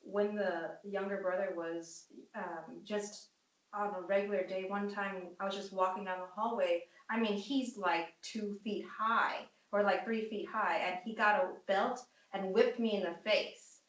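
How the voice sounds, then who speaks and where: A woman's voice: medium pitch, fairly even intonation, unhurried. Co-host, female, mid-range voice, earnest storyteller, echoey room. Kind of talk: casual discussion. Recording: roomy, distant mic.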